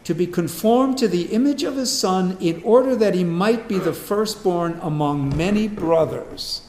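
A man preaching a sermon, emphatic, swinging between loud declarations and quiet low asides. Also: animated, moderate pace, hardly any pauses. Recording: echoey room with faint ambience.

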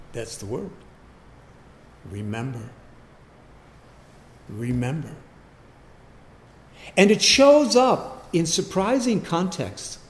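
A man's voice: on the high side, expressive, takes it slowly, pauses often. A man preaching a Sunday morning sermon, asking the congregation rhetorical questions and repeating key words for emphasis. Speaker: pastor. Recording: echoey room.

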